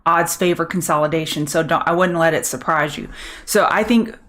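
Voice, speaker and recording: A woman's voice: low-pitched, brisk, a bit bright. A middle-aged woman from Louisiana with a Southern accent, hosting a live market commentary stream in a chatty, upbeat way and answering viewers by name. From Louisiana, USA. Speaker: trading show host.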